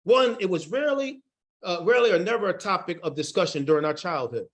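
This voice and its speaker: A man presenting an online workforce training session, animated, folksy and encouraging. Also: sits high, quick pace. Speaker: workshop facilitator.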